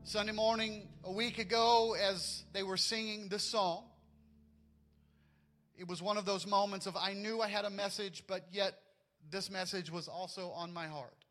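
A man's voice: high-pitched, steady tone, normal speed, a bit bright, faint music behind. A man with a Southern US accent preaching a sermon to his congregation in a church, folksy and joking with them. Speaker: pastor.

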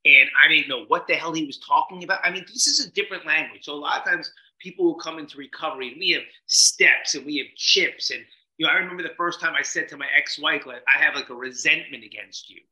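Animated storytelling man, bright voice. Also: a little high, quick pace, reverberant, low-quality recording. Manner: animated, swears casually, acts out quotes. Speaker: podcast guest.

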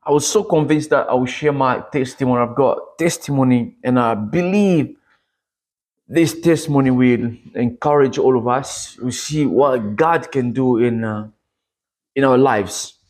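Man, sermon testimony, mid-pitched, breathy tone. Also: measured pace, a little mellow. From Democratic Republic of Congo. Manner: earnest storytelling, rising pitch at dramatic moments. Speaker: preacher.

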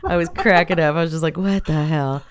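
Lower-pitched woman, laughing podcast co-host. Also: brisk, a little hiss or hum. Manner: laughs a lot, animated storytelling. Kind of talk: casual chat.

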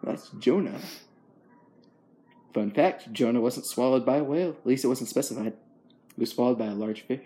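A man's voice: mid-range voice, fast talker, mellow. A young man chatting casually as host, easygoing and rambling, with frequent chuckles. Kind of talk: casual chat.

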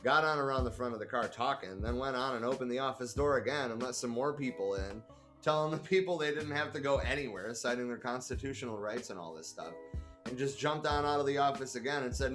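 A man's voice: medium pitch, a bit bright. Male reader, casual and profane, reads a memoir aloud with amused asides.

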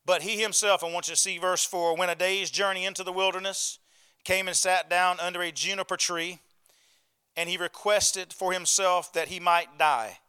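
A man's voice: high voice, steady tone, moderate pace, sharp tone, smooth. A man preaching a sermon in a folksy way, often calling out "right?" and "amen?" to his congregation. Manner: folksy, calls for amens and asks "right?". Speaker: pastor.

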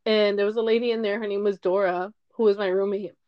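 A woman's voice: mid-range voice, steady tone, fast, dull audio. A young woman podcaster telling a personal story in a candid, emotional monologue, often tearful and swearing.

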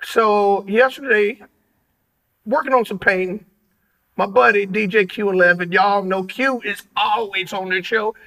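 A man hosting a podcast, pitched high for a man with a gravelly, fry-laced edge. His tone is bright and forceful. He talks in a playful, slangy, hyped-up way, like a hype man. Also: fairly even intonation, measured pace, rough recording. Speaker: podcast host. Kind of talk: hyped casual podcast chat.

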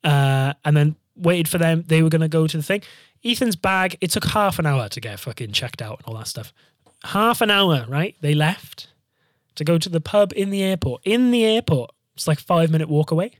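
A man's voice: a little high, moderate pace, no echo, studio quality. A young man and band frontman telling a travel story in a casual monologue, swearing freely and acting out what people said. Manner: swears freely, animated, acts out quotes. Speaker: band frontman hosting a podcast.

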